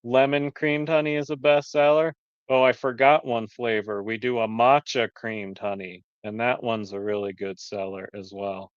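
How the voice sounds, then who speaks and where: A man's voice: mid-range voice, little pitch movement, moderate pace, clear, resonant tone, no echo. A man who keeps bees and sells honey, chatting casually on a live stream over a video call, explaining his products in detail. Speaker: beekeeper selling honey. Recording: dull lo-fi stream audio.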